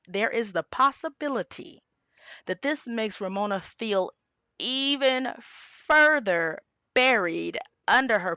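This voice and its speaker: A woman's voice: fairly high pitch, bright, forceful tone, no room sound. A woman giving a casual tarot reading, talking chattily and with emphasis, sometimes acting out quoted lines. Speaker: tarot reader.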